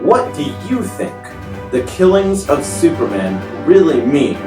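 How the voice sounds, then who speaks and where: A man's voice: on the high side, big pitch swings, unhurried, distant mic. Young man presenting, echoey room with music. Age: young adult. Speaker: student presenter. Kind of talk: casual video outro. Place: library study room.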